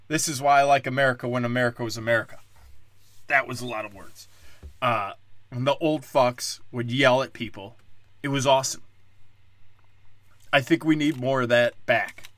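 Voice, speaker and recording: A man's voice: medium pitch, a bit bright, dry recording. A man hosting a podcast, delivering a profane, sarcastic comedic rant into a close mic. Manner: crude, profane, sarcastic ranting. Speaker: podcast host.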